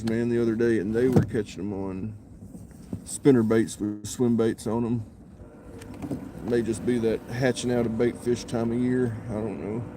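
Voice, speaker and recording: Man, live-stream fisherman, mid-pitched, easygoing chatter outdoors. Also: noisy background. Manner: chatty, mutters to himself between greetings to viewers. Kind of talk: casual live-stream commentary. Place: outdoors at a creek.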